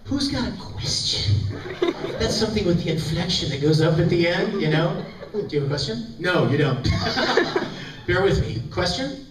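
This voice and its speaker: Animated male panel guest, fairly high voice, stories for a laughing crowd; far-off roomy fan recording. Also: moderate pace. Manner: animated, jokey, acts out quotes. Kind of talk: storytelling to a live audience. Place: large convention hall. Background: audience laughter and hall ambience.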